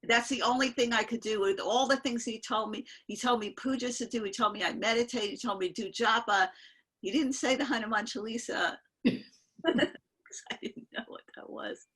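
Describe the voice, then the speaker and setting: Bright, husky older woman telling a story. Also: on the high side, normal speed, rough recording. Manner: rambling, self-interrupting, laughs while telling. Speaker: guest storyteller. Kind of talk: casual spoken storytelling. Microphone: video call.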